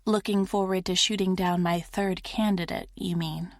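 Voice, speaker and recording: A woman narrator voicing a shy, eager young heroine who leaps into high, bright exclamations in audiobook dialogue. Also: fairly even intonation, normal speed, no room sound, studio quality, lightly acted. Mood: flustered. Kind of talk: audiobook character reading.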